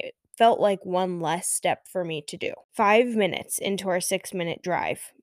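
A woman in her thirties hosting a solo podcast, who tells a parenting story in a calm, measured way with audible sighs. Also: fairly low pitch, no echo, studio quality. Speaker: podcast host and mother.

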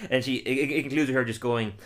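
A man casually recapping a cartoon episode, telling it with energy and laughing often as he slips into quick silly voices. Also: medium pitch, steady tone, fairly bright tone. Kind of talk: casual chat.

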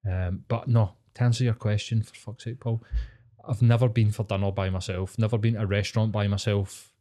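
A man's voice: lowish voice, steady tone, a little fast, warm tone. A young man telling stories in casual, sweary podcast banter. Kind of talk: casual chat.

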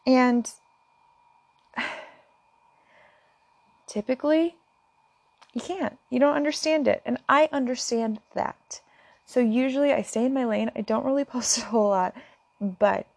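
A woman's voice: on the high side, measured pace, creaky, long pauses, darkish tone, no room sound. Earnest woman vlogging, dry close sound. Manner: earnest, impassioned, sometimes near tears. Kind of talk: emotional direct-to-camera talk.

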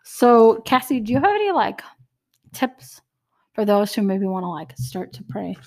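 Chatty young woman on a faith podcast, gets animated and acts out little conversations. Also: mid-range voice, normal speed. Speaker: podcast co-host. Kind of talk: casual faith chat.

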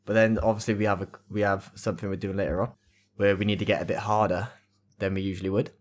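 A man co-hosting a podcast, chatting casually with quick, joking asides. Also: fairly low pitch, steady tone, slight background noise. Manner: quick-witted, laughing asides. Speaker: podcast co-host. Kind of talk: casual chat.

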